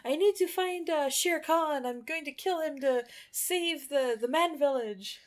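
A woman voicing an earnest young jungle boy in a formal, flattering way during a movie recap. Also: high-pitched, a little slow, pitched above the performer's own voice.

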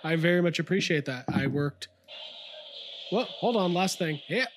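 Enthusiastic rambling podcast host. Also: male voice, fairly high pitch, expressive, moderate pace, background noise. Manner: enthusiastic, rambling, many fillers. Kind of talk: casual chat. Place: home toy room.

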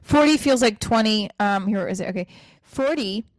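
A woman's voice: mid-range voice, animated, normal speed, no room sound. Woman in her 40s, podcast host, swearing a lot and rambling, dry close sound. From New Jersey. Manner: rambling, profane, self-deprecating. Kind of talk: casual solo podcast monologue.

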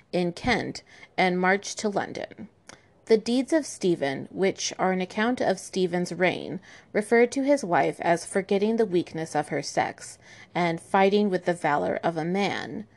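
A woman's voice: fairly low pitch, gravelly, darkish tone. A woman telling medieval history in an irreverent, sarcastic way, with profane asides. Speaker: history podcast host.

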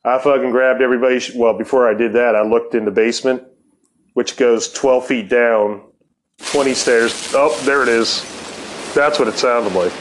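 A man's voice: medium pitch, fairly even intonation, moderate pace, low-quality recording. A middle-aged man telling a rambling, profane anecdote and laughing often. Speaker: storyteller. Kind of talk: casual anecdote.

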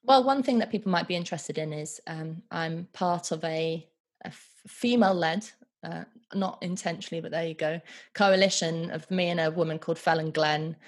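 A woman with a notably low voice for a woman, interviewed on a podcast as an author and journalist. She answers in a dry, wry way. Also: normal speed.

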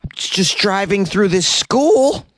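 A man's voice: very animated, a little slow, fairly bright tone, no echo, clean studio sound, exaggerated voice. A man doing a giddy, clueless young woman driver. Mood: cheerfully oblivious. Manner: high-pitched, bubbly and clueless.

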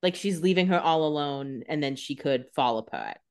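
A woman's voice: low voice, animated, moderate pace, clear, resonant tone. A young woman co-hosting a podcast, chiming in with wry, sarcastic asides while they recap a show. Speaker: podcast co-host. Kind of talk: casual recap chat.

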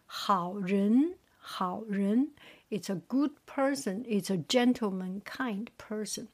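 A woman leads a slow, unhurried tone drill, saying each word twice with care before she translates it. Her voice stays soft and often drops to a whisper. The pace is very slow, with long gaps between words. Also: medium pitch. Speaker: Mandarin teacher. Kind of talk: slow tone-drill lesson, reading word pairs.

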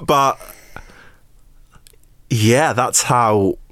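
Here a man with a mid-range, slightly bright voice talks animatedly and stretches out his words, captured in studio quality without echo. He's an English actor guesting on a podcast, recounting something personal with open emotion, repeated words, and laughter through difficult recollections.

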